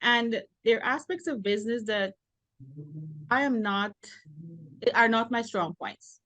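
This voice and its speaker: A woman from Guyana, a business owner answering interview questions in a frank, animated way, often stressing her words. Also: a little high, measured pace, dry recording. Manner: animated and frank, laughing now and then, stressing key words. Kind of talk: earnest conversational interview answers.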